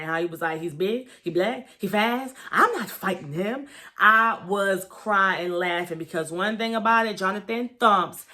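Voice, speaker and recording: A woman chatting casually as she reviews a reality TV episode, candid and gossipy in tone. Her voice sits at a middle pitch, and she loosely rambles through fillers and blunt, profane asides. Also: bright, forceful tone. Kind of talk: casual vlog commentary.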